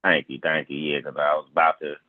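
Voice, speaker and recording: A man on a trading group call giving brief, relaxed replies. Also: very deep voice, fast talker, no room sound, narrow, tinny audio.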